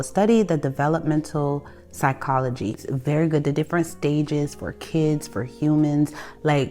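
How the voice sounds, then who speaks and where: A young adult woman with a Haitian family background, talking bluntly and conversationally as she hosts a self-help video, with animated bursts and frequent restarts. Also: low voice. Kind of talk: candid advice monologue. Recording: soft music behind the voice.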